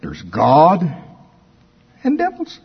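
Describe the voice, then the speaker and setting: A male preacher in full sermon, dropping to quiet asides and then rising loud as he quotes scripture. His voice is husky, and the recording sounds a little dull. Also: fairly high pitch, huge pitch swings, takes it slowly.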